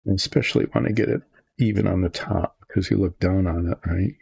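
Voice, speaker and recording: A man's voice: low voice, fairly even intonation, fairly quick, gravelly, darkish tone, slightly rough. An older man chatting casually as he works on a model, rambling through asides. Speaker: hobby model painter. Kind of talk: casual narration while working.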